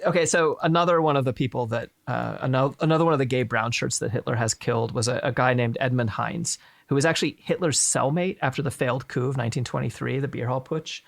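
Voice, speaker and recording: A man hosting a live stream chats casually about history, tossing in irreverent, profane joking asides. His voice is medium-pitched and gravelly, moving at a quick pace with few pauses, and there's no room sound at all.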